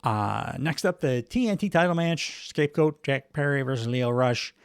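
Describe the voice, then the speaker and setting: Male podcast host, middle-aged, mid-pitched, wry and chuckling, dry close sound. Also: lively intonation, moderate pace, vocal fry, clean tone, dry recording. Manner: rambling, wry, chuckles often, many fillers. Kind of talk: casual solo wrestling recap.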